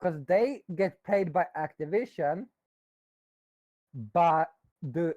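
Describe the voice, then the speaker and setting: A man with a fairly high, mellow voice argues casually on a gaming stream, tripping over his phrasing. His mic sounds dull, dry and lo-fi. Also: takes it slowly, no room sound. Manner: hesitant, restarts phrases, argumentative. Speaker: live stream co-host.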